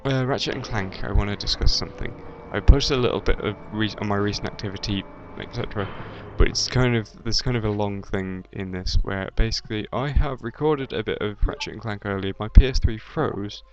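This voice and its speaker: This young man, a YouTube let's-player from the English Midlands, talks a little fast with a lowish voice and hardly any pauses, amid background noise. His generic British accent carries a slight Midlands flavour as he rambles hesitantly through a casual video chat with many ums and restarts, recorded dull and lo-fi with faint game music.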